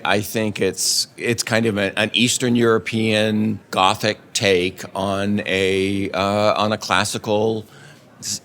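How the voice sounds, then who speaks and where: A man answering interview questions in a halting way, searching for his words with many restarts. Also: lowish voice, a bit bright.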